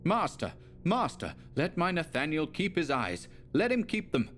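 A desperate, imploring father, as a male narrator voices him, pitched well above the reader's own voice. His pleading is strained and urgent in a storybook reading. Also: huge pitch swings, unhurried, fairly bright tone, faint music behind, exaggerated voice. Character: gentle frightened father, middle-aged man.

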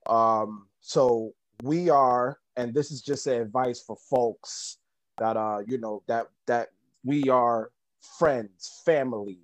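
A man co-hosting a podcast, chatting casually and haltingly, with lots of fillers and restarts. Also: mid-range voice, dry recording, low-quality recording.

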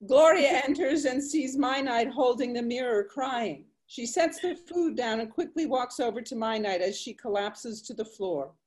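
A woman's voice: on the high side, moderate pace, hardly any pauses, a little mellow. A woman reading the stage directions of a play aloud in a plain, matter-of-fact way.

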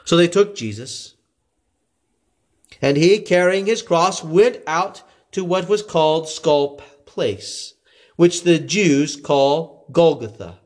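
A man reading scripture aloud in a slow, expressive way. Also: fairly high pitch. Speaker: scripture reader.

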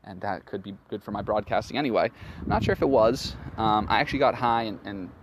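A man's voice: lowish voice, lively intonation, fast. A man hosting a podcast, recounting his week in a rambling, self-deprecating casual monologue. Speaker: podcast host. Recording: noisy background hiss.

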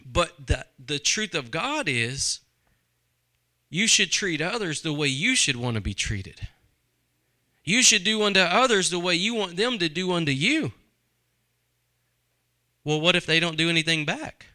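A man's voice: high-pitched, sing-song, measured pace, pushed and bright. A man preaching a sermon, conversational and full of rhetorical questions to the congregation. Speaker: pastor.

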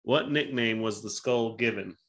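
Bright-voiced man quizzing his co-host. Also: on the low side, moderate pace. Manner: joking, offhand, swears freely. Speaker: podcast co-host running a trivia game. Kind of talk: casual chat.

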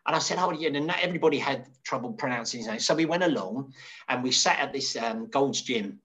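A middle-aged man, a hairdresser, telling rambling stories as an interview guest, jumping up in pitch to act out what people said. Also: brisk. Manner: animated, acts out quoted voices with sudden high pitch; rambling, many restarts and fillers. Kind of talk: casual storytelling.

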